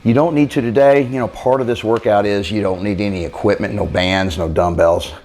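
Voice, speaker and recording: A man coaching an abs workout, counting reps out loud as he exercises and talking out of breath. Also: fairly low pitch, fairly even intonation, brisk. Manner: counting reps aloud while exercising, casual. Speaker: fitness coach. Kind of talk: workout demonstration.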